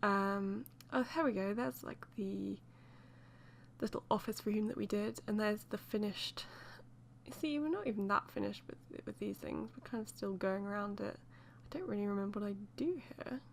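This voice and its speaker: A woman's voice: mid-range voice, moderate pace, vocal fry, a little hiss or hum. A woman chatting loosely as she voices over a game build, rambling with many fillers and light laughs. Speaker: let's play host.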